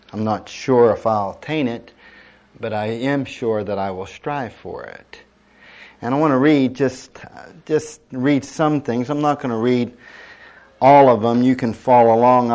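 A middle-aged man delivers a sermon at an unhurried pace. He reads scripture with weight and pauses, and asks the congregation to repeat lines back to him. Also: on the low side, a little mellow. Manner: slow, emphatic preaching with call-and-response. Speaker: pastor.

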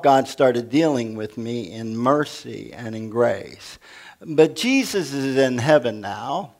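Slow-preaching older male pastor. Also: medium pitch. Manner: folksy, humorous preaching that asks the congregation questions. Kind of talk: sermon.

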